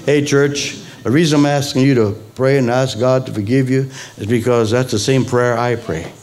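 A male pastor preaching a sermon, with sudden high emphatic peaks and conversational asides to the congregation. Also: steady tone, normal speed, a little mellow.

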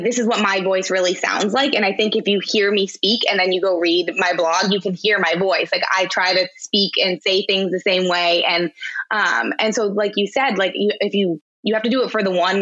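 A woman's voice: medium pitch, fairly even intonation, moderate pace, fairly bright tone, breathy edge, dull audio. A woman blogger talking as a podcast guest, chatty, with lots of fillers and restarts. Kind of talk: casual interview chat.

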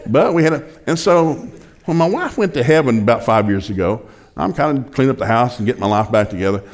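A man's voice: mid-range voice, animated, fast talker. An older man preaching a sermon, telling a funny story in a folksy, chuckling way. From rural Oklahoma.

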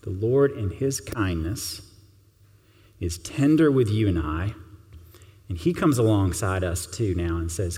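Low-voiced pastor preaching in an echoing hall. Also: male voice, expressive, unhurried, darkish tone. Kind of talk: sermon.

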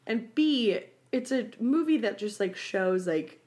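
A young woman with a slightly slow, fairly high voice co-hosts a casual chat. She tells stories animatedly, scattering "like" throughout and acting out the quotes.

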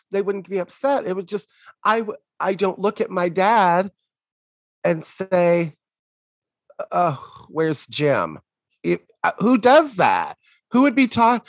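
A podcast co-host chatting casually, expressive and stammering, laughing while joking about a sitcom episode. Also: mid-range voice, dry recording, studio quality. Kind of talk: casual chat.

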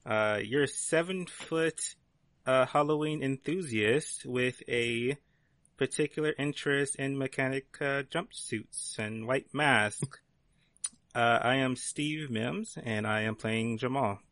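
A man introducing himself as a player in a tabletop game podcast, talking haltingly with pauses. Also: medium pitch, a bit bright, no room sound, studio quality. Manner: slow, halting, with filler pauses.

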